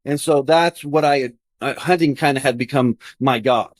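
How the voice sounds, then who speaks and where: A man's voice: mid-range voice, no echo. Earnest storytelling man, dry close sound. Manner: earnest, quick, acts out his own past thoughts. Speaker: podcast guest. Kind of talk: personal storytelling in conversation.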